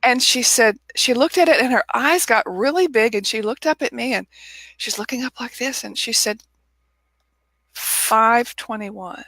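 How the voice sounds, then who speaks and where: A woman guest in a casual interview, telling a personal story in an animated way and acting out the people she quotes, over a video call. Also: on the high side, normal speed, dry recording. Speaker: author and guest.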